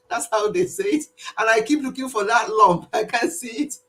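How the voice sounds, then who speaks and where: A middle-aged woman with a Nigerian accent hosting a live stream chat, animated and emphatic, repeating herself and laughing often. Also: fairly high pitch, normal speed, faint music behind. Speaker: YouTube channel host.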